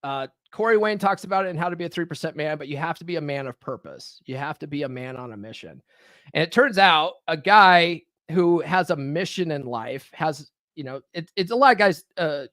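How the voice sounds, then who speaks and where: A man's voice: a little high, a bit bright, no echo, studio quality. A man hosting a podcast live stream, talking loosely and tagging his points with "right?". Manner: loose, repetitive, peppered with "right?". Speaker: podcast host. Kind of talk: casual live-stream monologue. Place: home with dogs nearby.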